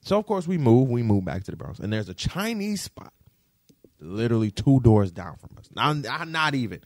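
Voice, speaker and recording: Animated man telling a story. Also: mid-range voice, moderate pace, dry recording, studio quality. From Detroit. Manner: animated, profane, keeps checking in with the audience. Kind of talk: casual storytelling to camera.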